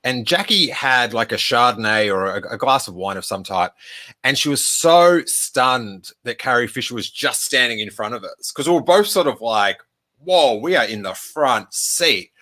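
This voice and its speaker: A man's voice: mid-range voice, lively intonation, normal speed, bright, forceful tone. A man, hosting a live stream Q&A and telling a rambling anecdote full of fillers. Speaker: podcast host.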